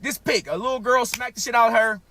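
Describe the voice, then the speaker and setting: A man's voice: very high-pitched, quick pace, sharp tone, slight background noise. A man talking casually in a played clip, loose and provocative with slang.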